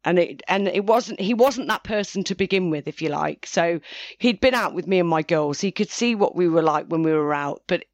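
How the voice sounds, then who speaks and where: Speaking at a moderate pace in a lowish voice, with no echo, an interviewee recounts something from her own life. Her casual account wanders, full of false starts and self-corrections.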